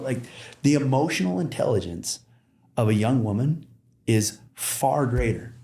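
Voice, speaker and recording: A man's voice: mid-range voice, expressive, moderate pace, mellow. A man talking as a podcast guest, telling stories in a rambling way with many fillers and restarts. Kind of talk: casual conversation. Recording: roomy echo.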